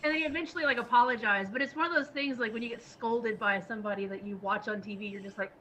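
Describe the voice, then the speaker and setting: Bright, laughing woman telling stories. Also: fairly high pitch, quick pace, poor audio. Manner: laughs often, animated retelling with put-on quotes. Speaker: podcast co-host. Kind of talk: casual storytelling chat.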